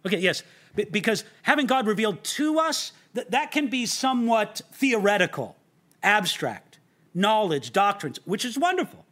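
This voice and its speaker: A man with a high, forceful voice walks through scripture verse by verse. He presses his points hard and keeps turning to the listener with rhetorical questions. When he gets excited he stumbles and repeats words. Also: normal speed. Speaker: Bible teacher. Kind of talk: verse-by-verse Bible teaching.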